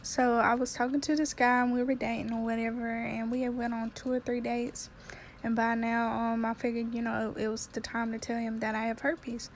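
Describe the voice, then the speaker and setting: A woman's voice: fairly high pitch, little pitch movement, fairly quick, a little hiss or hum. A woman telling a personal story in a subdued, hesitant way. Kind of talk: casual storytelling.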